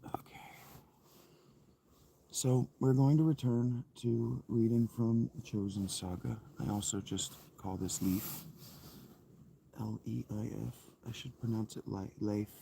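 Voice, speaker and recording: A man's voice: mid-range voice, fairly even intonation, moderate pace, vocal fry, few pauses, warm tone, a little hiss or hum. A man in his thirties, an author, chatting in a rambling, reflective way with frequent self-corrections. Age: 30s. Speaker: author reading his own novel. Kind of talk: casual spoken chat.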